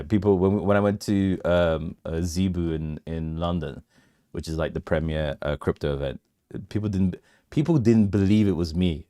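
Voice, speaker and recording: A man's voice: rumbling low, warm tone, no room sound, clean studio sound. A man hosting a casual crypto livestream, bantering with his viewers, laughing often and restarting his sentences.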